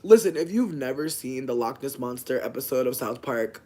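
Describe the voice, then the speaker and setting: A man's voice: mid-range voice, expressive, normal speed, dark tone. A man talking candidly in a casual vlog monologue, frank and chatty, swearing often and filling his speech with "like". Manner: chatty, frank, swears a lot, many "like" fillers. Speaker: vlogger. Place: indoors at home.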